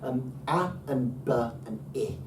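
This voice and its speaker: A man's voice: medium pitch, slow pace. A man teaching the sounds of an ancient alphabet in a patient, hesitant way, with many ums and restarts. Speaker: Ancient Greek tutor. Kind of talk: relaxed one-to-one teaching. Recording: roomy, far from mic, faint noise.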